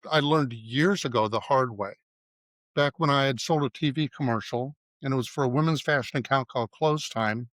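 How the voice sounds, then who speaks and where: Here the same kind of guest, a middle-aged advertising writer and creative director, tells anecdotes in a casual interview, voicing quoted lines of dialogue. He speaks at a medium pitch, slightly bright, with no echo.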